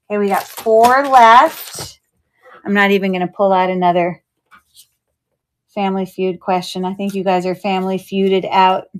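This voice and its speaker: A woman with a smooth, clear voice hosts a live jewelry sale at an unhurried pace. Her talk is chatty and wandering, and she thinks aloud about each piece. The delivery stays casual and easygoing. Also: medium pitch. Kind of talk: casual live-stream selling chat.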